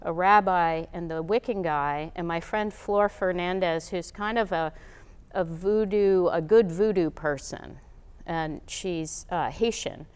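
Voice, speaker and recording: A middle-aged woman from the United States, a guest telling a story in a casual interview, animated and acting out the quotes. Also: on the low side, a little slow, clean tone, big-room sound. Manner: lively, animated storyteller who acts out quotes.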